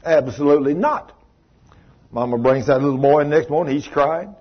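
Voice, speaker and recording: A man preaching a sermon, telling a story in a folksy, animated way and acting out the voices in it. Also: fairly high pitch, fairly quick, slightly rough. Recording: dull lo-fi sermon recording.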